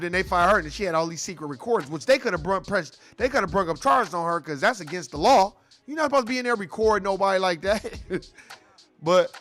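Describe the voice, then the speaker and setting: High-voiced man ranting, profane and heated. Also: a bit bright. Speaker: show host. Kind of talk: ranting commentary.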